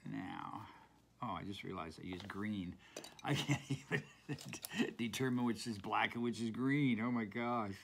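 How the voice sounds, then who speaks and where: A man's voice: lowish voice, moderate pace, vocal fry, slight background noise. A man giving a casual, playful drawing tutorial, chatting to viewers as he colors with markers and pencils. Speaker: art teacher.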